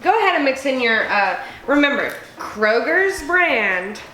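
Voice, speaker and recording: A woman's voice: high voice, big pitch swings, measured pace, sharp tone. A tipsy woman hosting a casual cooking video, crude and giggly with lots of swearing. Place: home kitchen. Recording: echoey room with faint music.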